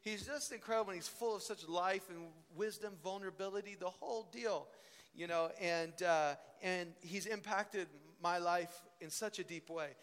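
Man preaching, high voice, animated storytelling, long echo of a big hall. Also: normal speed. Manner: animated storytelling, voice rising and falling with emotion. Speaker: teacher at a ministry school. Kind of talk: sermon.

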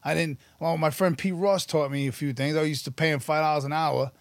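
A man, telling stories about his past in an animated, profane, casual interview. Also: a little high, a little fast, creaky, no echo. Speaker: podcast guest, musician and actor.

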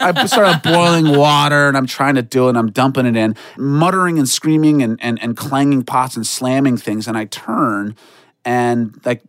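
A man telling a comic story on a podcast in an animated way, acting out voices with shouts and laughter. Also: mid-range voice, no echo, clean studio sound.

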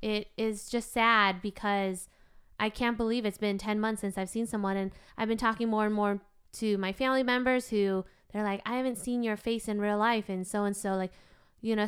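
A woman's voice: on the high side, clear, resonant tone. A woman co-hosting a podcast, telling stories in an upbeat, casual chat. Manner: chatty storyteller, upbeat. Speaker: podcast co-host.

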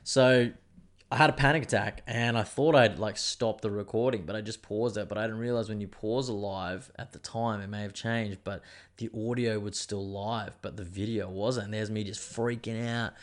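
Rambling, lower-voiced guy. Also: steady tone, moderate pace. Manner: rambling, digressive, swears freely. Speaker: podcast host. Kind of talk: casual monologue.

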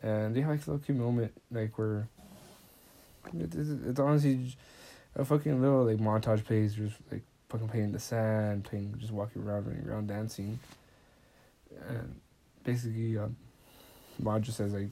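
A man's voice: lowish voice, fairly even intonation, brisk, vocal fry, dark tone. A young man casually recapping a movie on his podcast, rambling, swearing often and quoting the characters. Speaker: podcast host.

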